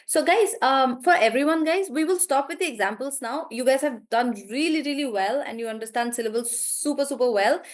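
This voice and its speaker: A woman teaching pronunciation over a video call, with a voice that sits a little high for a woman. She speaks warmly to her students and praises their answers. When she models a word, she slows down and pulls each syllable apart. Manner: encouraging, draws out syllables slowly when modeling words. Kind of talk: live online class.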